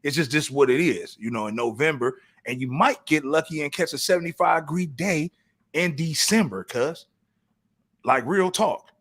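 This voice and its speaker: A man's voice: on the high side, moderate pace, a bit bright. A middle-aged man co-hosting a casual podcast, laid-back and full of street slang, often restarting his sentences. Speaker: podcast co-host.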